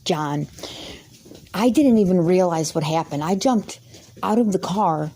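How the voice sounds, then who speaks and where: A woman's voice: on the low side, expressive, measured pace, dark tone, husky. A woman vlogger telling an angry, rambling story to camera, swearing heavily and sounding indignant.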